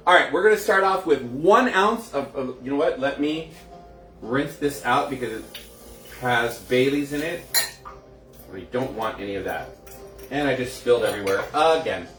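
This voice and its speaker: Chatty man hosting a home cocktail show. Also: mid-range voice. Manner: chatty, talks straight to viewers. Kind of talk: casual live cocktail demo. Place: indoors at home. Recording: roomy echoey room.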